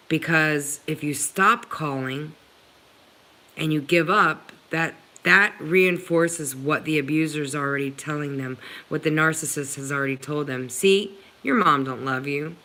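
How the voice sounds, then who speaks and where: A woman's voice: low voice, steady tone, measured pace, pushed and bright, low-quality recording. A woman hosting a live stream, answering viewers' comments in an earnest, pleading way and talking straight to them. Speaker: livestream host answering viewers.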